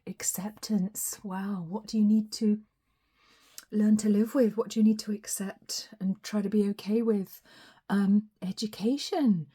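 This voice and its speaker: Hoarse woman reading tarot. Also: mid-range voice, steady tone, measured pace. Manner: chatty, laughs often, some soft whispery asides. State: hoarse, recovering from a cold. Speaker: tarot reader.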